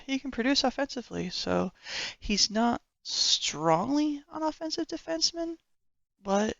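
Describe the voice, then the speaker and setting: A woman's voice: on the low side, creaky, a bit bright, no room sound, dull audio. A woman who is a hockey fan vlogger, chatting enthusiastically and a bit rambly about players, often correcting herself. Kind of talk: casual fan commentary.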